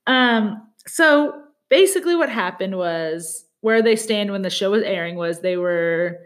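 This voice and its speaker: A woman's voice: medium pitch, animated. A woman co-hosting a podcast, gossiping casually about a reality show and quoting the people in it. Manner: chatty, gossipy, quotes people in quick asides. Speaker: podcast co-host. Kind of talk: casual chat.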